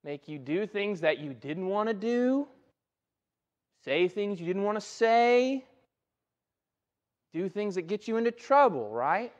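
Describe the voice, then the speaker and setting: High-pitched male preacher, casual and chatty from the pulpit, muffled church recording. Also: big pitch swings, slow, long pauses. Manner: conversational, keeps asking "right?". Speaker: pastor. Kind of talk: sermon. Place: church sanctuary.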